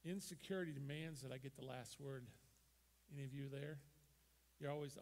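A man preaching a sermon as pastor, emphatic, swinging from loud bursts to quiet, gravelly delivery. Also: medium pitch, steady tone, moderate pace. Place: church sanctuary.

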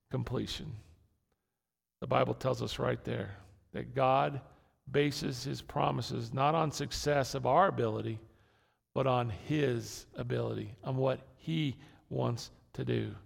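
A man's voice: medium pitch, gravelly. A man preaching a conversational sermon to his congregation, repeating key words and restarting phrases as he goes. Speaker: pastor. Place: church sanctuary. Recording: long hall reverb.

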